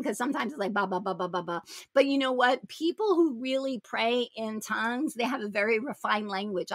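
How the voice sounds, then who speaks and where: A woman hosts a Christian talk show, her voice a little high with a fairly bright tone. She speaks emphatically, like a preacher, and repeats her phrases. The recording is dry.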